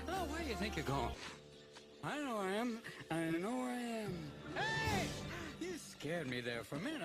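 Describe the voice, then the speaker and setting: Manic cartoon fruit bat, very high voice, wildly swooping pitch, loud film score behind. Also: male voice. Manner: frantic, rapid swings between shouting and babbling. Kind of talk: animated film dialogue.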